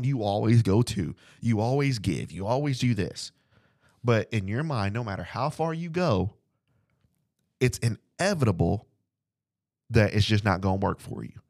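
Emphatic low-voiced man preaching casually. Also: darkish tone, dry recording, studio quality. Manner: conversational, repetitive and emphatic, addresses "guys". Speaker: Bible study podcast host. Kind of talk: informal preaching.

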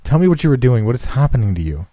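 A man voicing an anxious gentleman doctor who asks urgent questions. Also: sits low, normal speed, breathy edge. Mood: frantic.

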